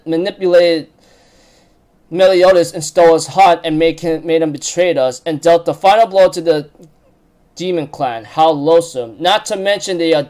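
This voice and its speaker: A man's voice: fairly high pitch, a little mellow, lightly acted. A man voicing a mocking, contemptuous female demon villain from a fan recap.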